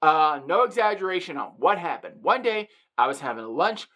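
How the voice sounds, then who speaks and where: Brief: emphatic joking woman, bright forward tone, comic monologue. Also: low voice, lively intonation, normal speed. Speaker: vlogger.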